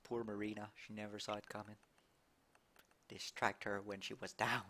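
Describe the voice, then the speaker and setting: A young man from Quebec with a Québécois French accent, streaming a game live, reacting excitably and reading chat aloud with frequent laughs. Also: on the low side, moderate pace, pauses often, a little hiss or hum. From Quebec, Canada.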